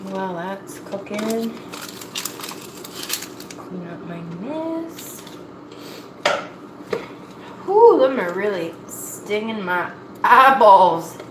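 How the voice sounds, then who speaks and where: A woman talks in a drawn-out, leisurely way, folksy and poking fun at herself. Her voice bounces around a hard, roomy kitchen, and pots and dishes clatter clearly behind her. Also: mid-range voice, animated. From Nova Scotia, Canada. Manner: rambling, folksy, self-mocking. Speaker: cooking vlogger. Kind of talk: casual chat while cooking. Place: home kitchen. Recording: echoey kitchen with cooking noise.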